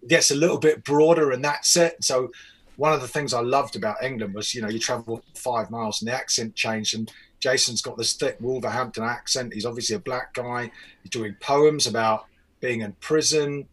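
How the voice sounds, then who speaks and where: Husky New Zealand man, relaxed storyteller. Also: medium pitch, normal speed, poor audio. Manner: relaxed, rambling with many restarts. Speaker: music producer guest. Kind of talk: casual storytelling interview.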